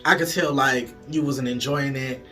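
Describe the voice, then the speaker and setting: A man quoting a soft-spoken young man in a low, quiet, mumbled voice. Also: fairly even intonation, normal speed, distant mic, soft background music, lightly acted. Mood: mumbling.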